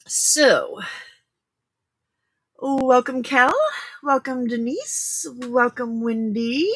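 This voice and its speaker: A woman's voice: medium pitch, vocal fry, a bit bright, breathy edge. A woman hosting a late-night crafting livestream, chatting casually and giggling as she greets viewers by name, with a hint of a Southern drawl. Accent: Southern US drawl at times.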